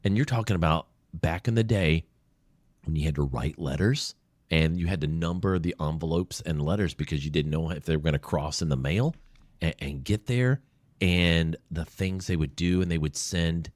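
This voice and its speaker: Male guest, deep voice, warm-hearted emotional storyteller, dry room sound. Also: normal speed, no echo. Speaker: podcast guest, veteran advocate. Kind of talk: conversational storytelling interview. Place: small room.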